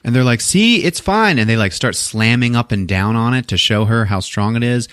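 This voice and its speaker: A man's voice: fairly low pitch, a little fast, clean tone, dry recording, clean studio sound. A man hosting a podcast, recapping a movie in a crude, laughing, casual way. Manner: crude, laughing, animated storyteller. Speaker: podcast host.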